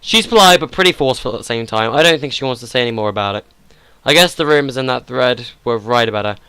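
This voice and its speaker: Bright, crisp-voiced joking game commentator. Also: male voice, medium pitch, fast talker, no echo. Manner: joking and chatty, laughing often. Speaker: let's play host. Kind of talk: gameplay commentary, reading dialogue aloud.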